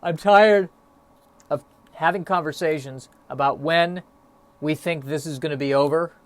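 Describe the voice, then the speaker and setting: In a slightly high, steady voice at a moderate pace, a young man delivers a rambling solo podcast monologue, halting and self-mocking with lots of fillers. He sounds a touch out of breath, and the recording is dry.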